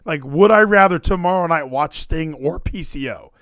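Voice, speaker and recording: A man co-hosting a casual streamed chat, excitable and rising to near-yells. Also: on the high side, normal speed, no echo, studio quality. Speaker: podcast co-host.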